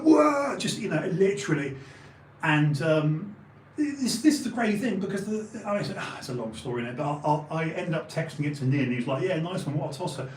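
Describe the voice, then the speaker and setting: A man in his forties with an Essex and London accent, hosting and telling a long anecdote in casual chat, animated, swearing freely and acting out the people in his story. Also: medium pitch, roomy sound, slight background noise, rough recording. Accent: Essex and London English. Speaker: podcast host.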